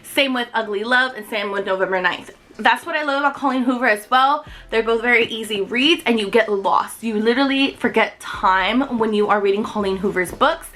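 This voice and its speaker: A woman in her twenties chatting excitedly to camera about books she loves, with lots of fillers. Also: a little high, brisk, hardly any pauses, poor audio. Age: 20s. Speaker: book vlogger. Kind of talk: casual chat to camera.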